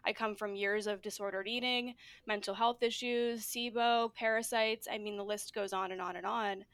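A woman's voice: mid-range voice, steady tone, moderate pace, fairly bright tone, no echo. A woman hosting a podcast interview, chatting casually and encouragingly with plenty of fillers. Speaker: podcast host.

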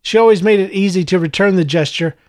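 Higher-voiced male audiobook narrator. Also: fast talker, a little mellow, no echo, studio quality.

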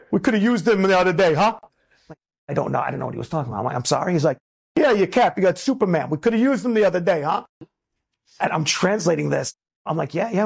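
Rabbi, male, gravelly and husky, animated storyteller who builds to emphatic calls. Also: high voice. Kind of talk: inspirational talk.

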